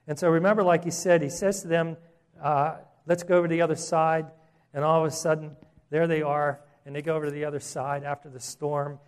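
A man preaching a sermon, animated, rising to loud emphasis and dropping to quiet asides. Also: a little high. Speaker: pastor.

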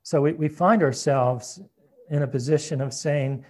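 A man preaching a sermon in a conversational way, reading scripture aloud and dropping to a soft, hushed voice at tender moments. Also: fairly high pitch, a little slow. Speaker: pastor.

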